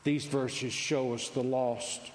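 A male pastor preaching a sermon, swinging between loud declarations and quiet asides. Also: medium pitch, flat delivery, slow. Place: large church sanctuary. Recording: long hall reverb.

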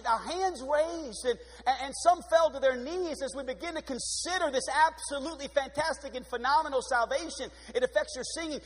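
High, energetic preaching man. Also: breathy edge. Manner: energetic, exuberant preaching with sudden pitch swings. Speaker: pastor. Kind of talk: sermon. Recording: long hall reverb.

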